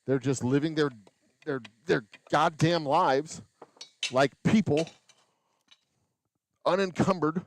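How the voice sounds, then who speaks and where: Speaking slowly with frequent pauses, a distiller who hosts his own channel chats on a live stream from a small indoor distillery bottling room. His voice is fairly high, with a little hiss or hum on the audio, and he mutters bottle counts as he works between rambling, sarcastic thoughts.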